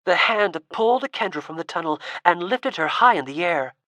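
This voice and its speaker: A woman reading a fantasy audiobook with a low voice. Her narration is steady and expressive, recorded dry and close with no room sound. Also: normal speed, no room sound. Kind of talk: scripted narration.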